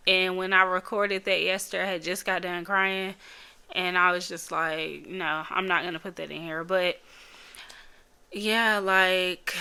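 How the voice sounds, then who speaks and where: Woman host, solo podcast; bright, crisp voice; chatty, rambling, candid, quick to laugh. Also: mid-range voice. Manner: emotional, candid storytelling. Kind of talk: casual solo podcast chat.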